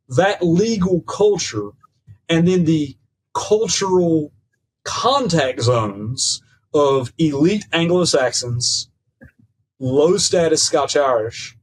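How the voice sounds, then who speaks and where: A man speaking as a podcast guest and professor, in a measured, lecturing way that mixes academic phrasing with folksy "ain't" and frequent "right?" checks. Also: on the high side, slightly rough, poor audio. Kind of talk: conversational lecture.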